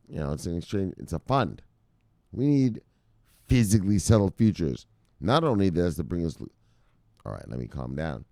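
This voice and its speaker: A man presenting crypto news in an excitable, casual, profane way, talking to viewers like brothers. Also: low voice, no room sound, clean studio sound.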